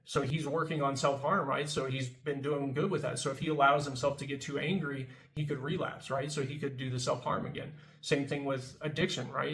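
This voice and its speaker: A man's voice: mid-range voice, creaky, fairly bright tone, roomy sound, low-quality recording. A man in recovery talking casually to viewers about anger, often checking in with "right?" and swearing now and then. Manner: conversational, frequent "right?" tags, swears casually. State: in recovery from addiction. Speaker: recovery video host. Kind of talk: casual talking-to-camera reflection.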